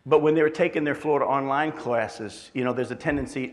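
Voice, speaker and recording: A man's voice: mid-range voice, a little fast. A middle-aged man preaching a sermon as pastor, telling family stories with self-deprecating humor.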